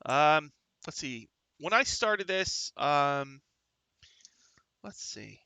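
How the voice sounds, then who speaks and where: A man's voice: on the high side, animated, drawn-out words, sharp tone, clean tone, no room sound. A man hosting a livestream talk show, chatting casually and rambling, with lots of fillers and restarts, sometimes reading viewer comments aloud. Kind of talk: casual chat.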